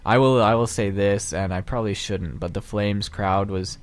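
Chatty young man, low voice. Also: steady tone, moderate pace. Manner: joking, chatty. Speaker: sports podcast host. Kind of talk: casual banter.

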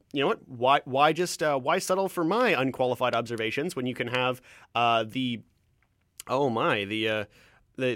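A man from Ontario, Canada hosts a solo podcast in a medium-pitched, slightly bright voice, recorded at studio quality with no echo. His casual chat rambles through tangents, with frequent restarts and a slight stammer.

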